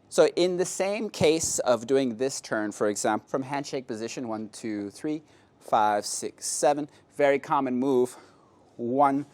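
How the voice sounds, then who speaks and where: Playful male salsa instructor counting steps. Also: medium pitch. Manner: playful, counts steps aloud, jokes and laughs. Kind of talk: dance class instruction.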